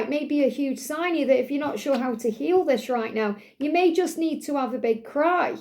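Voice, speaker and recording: A woman giving a spiritual tarot and oracle card reading, in a gentle, repetitive, soothing way. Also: sits high.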